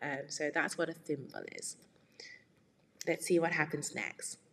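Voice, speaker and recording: A woman's voice: low-pitched, unhurried, gravelly, fairly bright tone, a little hiss or hum. Woman reading a storybook to children. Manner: friendly explaining, asks children questions. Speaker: read-aloud teacher. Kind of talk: children's read-aloud with explanations. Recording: long reverb.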